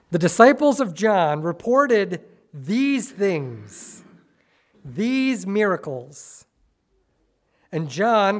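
A male pastor preaching a sermon, dramatic and full of rhetorical questions, swinging between soft and loud. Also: fairly high pitch.

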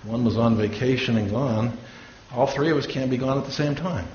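This mid-range, slightly mellow male voice moves briskly through a sermon, the pastor telling stories and performing the voices of those he quotes. Faint hiss, echo, and a dull lo-fi quality color the recording.

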